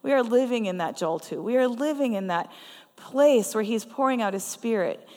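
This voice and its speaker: A woman's voice: a little high, lively intonation, normal speed, darkish tone. A woman preaching a sermon in a church, telling personal stories in an earnest, conversational way. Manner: conversational and earnest, with frequent laughs. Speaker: guest preacher. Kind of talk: storytelling sermon. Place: church sanctuary. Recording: long reverb of a church hall.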